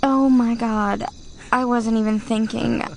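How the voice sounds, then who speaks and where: A sharp-tongued young Southern woman, a little high, gravelly edges. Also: steady tone, a little slow, slight background noise. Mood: intimate. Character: feisty young Southern woman, quick-tempered and stubborn. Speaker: bridesmaid and office clerk. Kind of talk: live-action drama acting.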